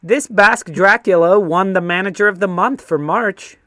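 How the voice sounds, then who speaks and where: A man's voice: high-pitched, pushed and bright, no echo, studio quality. A man hosting a casual online trivia night, reading questions and joking with players. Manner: jokey, reads out questions and rules quickly. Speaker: trivia host. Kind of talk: casual quiz hosting on a video call.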